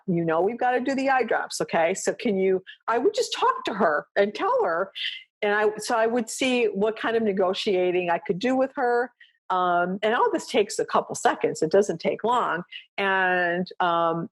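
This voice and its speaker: A woman dog trainer hosting a podcast, with a voice at an ordinary middle pitch. She explains things in a loose, chatty way and often stops to ask "right?" or "you know what I mean?" She also slips into quick little acted exchanges with her dog. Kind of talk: coaching talk, casual explanation.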